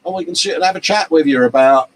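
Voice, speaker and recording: A man's voice: on the high side, quick pace, poor audio. A man hosting a casual live show, reading out viewer comments in a matey, chatty way. He is tired from lack of sleep. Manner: chatty and matey, calling viewers mate and love. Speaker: live-stream show host. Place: hobby workshop bench.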